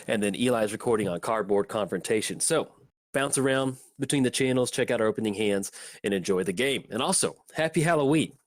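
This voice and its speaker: A man hosting a casual card game session with friends, upbeat and quick to laugh. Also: medium pitch, dry recording. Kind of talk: casual chat while playing a card game.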